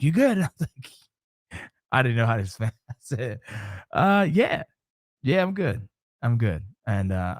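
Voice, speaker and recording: A middle-aged man hosting his show, telling a story in a casual, animated way, swearing often and acting out his own reactions. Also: medium pitch, dry recording, clean studio sound. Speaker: show host.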